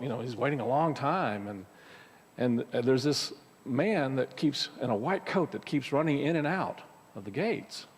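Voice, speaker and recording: A male minister speaks to his congregation in a casual, conversational way. His mid-pitched voice has a gravelly texture, and it rings with the long reverb of a church hall. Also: darkish tone. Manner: conversational, with fillers and restarts. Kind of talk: spiritual talk to a congregation. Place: church sanctuary.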